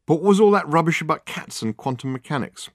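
A man doing a polite, flustered young man for an audiobook, stammering and hesitant, voice set somewhat higher than the narrator's, dry close sound. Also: lively intonation, quick pace, no room sound. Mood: exasperated.

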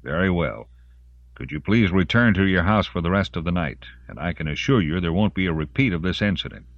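A man's voice: sits low, animated, fairly quick, dry recording, muffled recording. A man doing a curt army sergeant. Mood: commanding. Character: commanding male army sergeant, curt and hard.

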